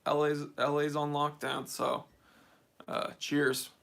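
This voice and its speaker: American male host, relaxed livestream chatter, slightly high and bright-toned. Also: slow pace, vocal fry. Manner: laid-back, reads viewer comments aloud. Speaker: host of a watch channel livestream Q&A. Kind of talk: casual livestream chat. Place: game room at home.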